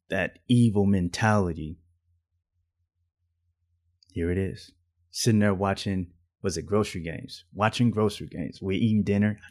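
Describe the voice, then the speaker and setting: A man's voice: lowish voice, a little mellow. A man hosting a podcast, telling stories and preaching. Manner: preachy, storytelling, drawls phrases out. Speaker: podcast host. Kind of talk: casual podcast monologue.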